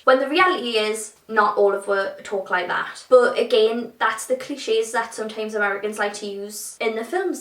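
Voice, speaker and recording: A young British woman talks through a TV review in a chatty, animated, informal way. Her voice sits fairly high. The recording has a roomy echo around it. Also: moderate pace, hardly any pauses. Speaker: vlogger reviewing a TV show. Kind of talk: casual chat. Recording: echoey room.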